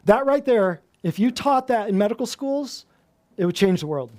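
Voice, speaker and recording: A man teaching a small audience, animated, quizzing them and joking as he goes. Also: high-pitched, normal speed. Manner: animated, asks the audience questions, jokes and laughs. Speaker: natural health practitioner teaching a class. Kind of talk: lively lecture to a small audience. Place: office room with a small live audience.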